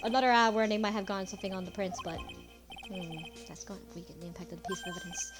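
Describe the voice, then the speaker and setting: A woman playing a story game and reading its dialogue aloud, excitable and swearing as she comments. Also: mid-range voice, fast talker. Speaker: let's player. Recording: game music playing behind.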